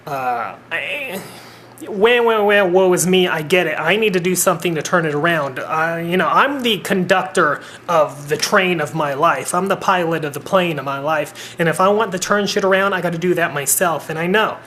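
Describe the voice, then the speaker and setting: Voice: medium pitch, moderate pace, a bit bright, slight background noise. A vlogger in their thirties talking straight to a home camera in an earnest, rambling way, with blunt swearing. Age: 30s. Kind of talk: personal vlog monologue.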